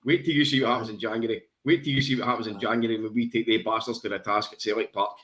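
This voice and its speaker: A man's voice: on the low side, fairly even intonation, racing, fairly bright tone. A Scottish man on a football podcast, boisterous and swearing, laughing through the banter. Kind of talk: casual post-match banter.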